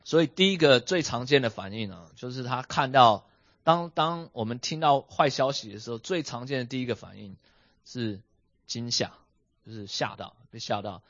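A man teaching a lesson, animated and questioning his listeners as he explains, switching between English and Mandarin. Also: mid-range voice, moderate pace, no echo, dull audio. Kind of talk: bilingual class lesson. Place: home with a basement.

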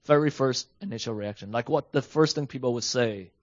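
Male teacher, lively and questioning, dull dry recording. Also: medium pitch, fairly quick, no echo. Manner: animated, asks the class questions, switches between English and Mandarin. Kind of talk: bilingual class lesson. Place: home with a basement.

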